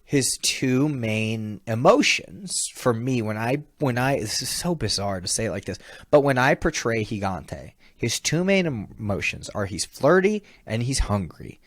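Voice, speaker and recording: A man with a middling pitch tells stories in a casual podcast chat, laughing often. He acts out the people he quotes and jumps into a high voice for them. The sound is close and dry, with no room echo. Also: big pitch swings, unhurried, a bit bright. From California. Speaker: comedian and baseball mascot performer, podcast guest. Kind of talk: animated storytelling in a casual chat.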